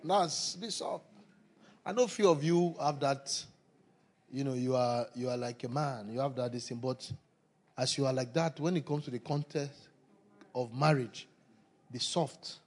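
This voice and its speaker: A man preaching a sermon, animated and repetitive, often breaking into laughter. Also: medium pitch, moderate pace. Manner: animated, laughing, repeats phrases.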